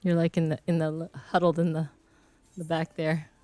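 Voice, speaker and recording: Casting: giggly gamer woman, slightly hoarse, lowish voice, dry close mic. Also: little pitch movement, normal speed, mellow, no room sound. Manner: playful, giggly, teasing. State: voice getting hoarse. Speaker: livestreamer. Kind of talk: casual chat while gaming.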